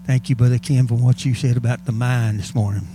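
A man's voice: mid-range voice, steady tone, a little fast, music in the background. A male pastor preaching a sermon in a church, fervent and calling out to the congregation. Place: church sanctuary.

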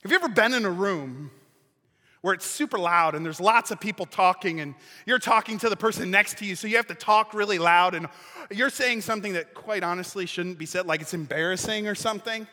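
A man preaching a sermon as pastor, telling the story with lively humor. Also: high voice, a little fast, in a large hall.

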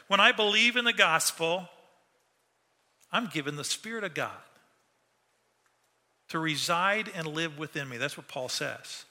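A man preaching a sermon, animated, acting out the voices he quotes. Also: high voice. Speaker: pastor. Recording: long hall reverb.

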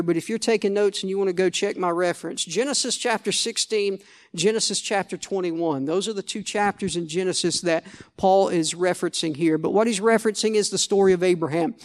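Pastor guy preaching, high voice, chatty, keeps restarting lines. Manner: conversational preaching, repeats and restarts phrases, asks "Amen?". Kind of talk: sermon.

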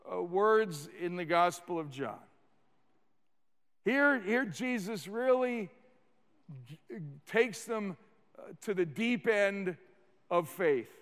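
A man with a notably high voice preaches slowly and deliberately, leaning on repeated words and building to sudden emphatic peaks. His sermon rings out with a long reverb, as if recorded in a large church hall. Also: animated, fairly bright tone. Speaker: pastor.

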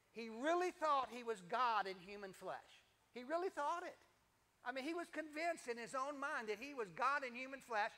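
An older man, a preacher telling his testimony in a sermon, animated and full of repetitions and asides to the congregation. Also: extremely high pitch. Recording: long hall reverb.

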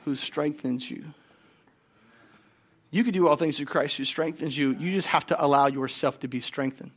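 A man's voice: on the high side, moderate pace. A man preaching a sermon as a guest pastor. He speaks emphatically, repeats key lines and has the congregation say phrases back to him.

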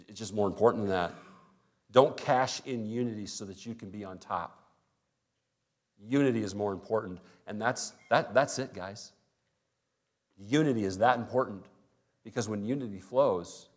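A man's voice: fairly low pitch, moderate pace, long pauses. A male pastor preaching a sermon in a conversational way, acting out little everyday dialogues.

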